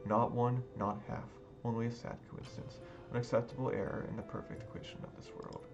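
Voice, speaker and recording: Man reading a visual novel aloud, subdued and brooding, low voice, game music playing under him. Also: level tone, a little fast, few pauses. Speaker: game let's-player.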